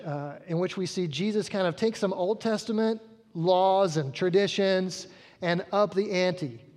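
A man's voice: high voice, a little mellow, big-room sound. A man preaching a sermon, telling a story conversationally and acting out the quotes.

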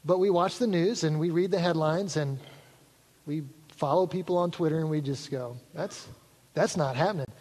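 A man preaching a sermon to a congregation, talking in a relaxed, conversational way and joking with the listeners. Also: on the high side, moderate pace. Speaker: pastor. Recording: long reverb of a large hall.

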